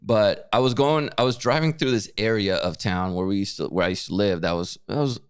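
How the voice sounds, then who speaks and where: Man, podcast co-host, animated storytelling, low pitch, dry sound. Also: a little fast, clear, resonant tone, no room sound. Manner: animated storyteller, acts out quotes. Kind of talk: casual chat.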